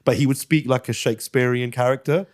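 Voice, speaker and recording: A man's voice: medium pitch, steady tone, fast talker, darkish tone. A man from Britain in his thirties, a guest on a casual podcast interview, telling stories animatedly, swearing freely and slipping into impressions. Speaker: guest actor and comedian.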